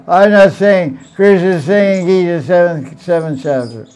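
A man teaching a devotional class, retelling stories in an animated way, repeating phrases and laughing now and then. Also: high voice, moderate pace, hardly any pauses, smooth. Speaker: spiritual teacher.

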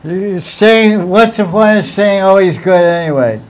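A man's voice: sits high, expressive, unhurried. A man giving an informal spiritual talk, telling stories with playful asides and frequent chuckles. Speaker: spiritual teacher.

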